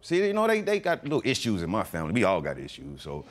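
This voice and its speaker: A man's voice: fairly low pitch, wildly swooping pitch, quick pace. A man in his forties giving laid-back, colloquial testimony on a courtroom TV show, often chuckling. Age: 40s. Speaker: litigant.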